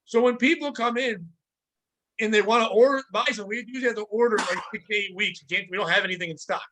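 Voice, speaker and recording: High bright-voiced man telling a story. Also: fast talker, rough recording. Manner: animated storyteller, acts out quotes with pitch jumps. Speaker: podcast host. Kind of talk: casual storytelling chat.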